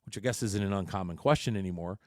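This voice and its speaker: Swearing constantly, a man on his own podcast rambles through a story with many restarts in a blunt, casual way. His voice is low and his pace quick, captured in clean studio sound without echo.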